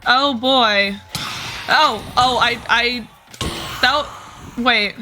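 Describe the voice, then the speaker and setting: Woman streamer, higher-pitched, chatty and self-mocking, with faint music underneath. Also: drawn-out words, pushed and bright. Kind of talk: casual gameplay chat.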